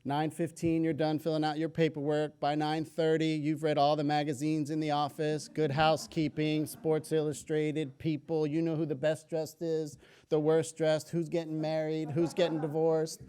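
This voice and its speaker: A man with a fairly high voice speaks to an audience from a stage. He delivers his talk as a story, full of humorous asides, with lively energy. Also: normal speed, clear, resonant tone. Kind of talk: public health talk.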